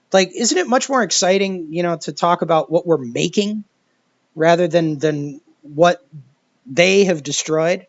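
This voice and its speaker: High-voiced man ranting. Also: no room sound. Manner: profane, rambling, exasperated. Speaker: video commentator. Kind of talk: ranting commentary monologue. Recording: dull lo-fi dry recording.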